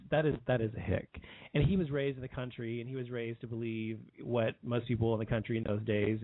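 A man's voice: medium pitch, no room sound. A man in his thirties giving a heated, rambling personal commentary, restarting his sentences often. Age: 30s. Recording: tinny phone-like line.

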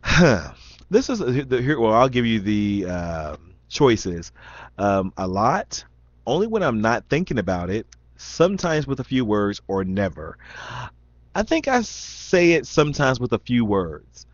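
This young man's medium-pitched voice swings widely, and he takes his time. Reading viewer questions with a slight Southern Indiana accent, the vlogger rambles, ums, and restarts often, captured in dull, dry lo-fi audio without echo.

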